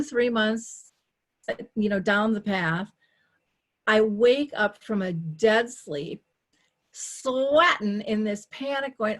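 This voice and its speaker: A woman in a conversational interview, telling her story with energy. She acts out her own quoted thoughts and switches between rapid asides and slow, weighty emphasis. Her pitch sits in an ordinary middle range. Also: a bit bright. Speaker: dementia care advocate and talk show host, here as a guest.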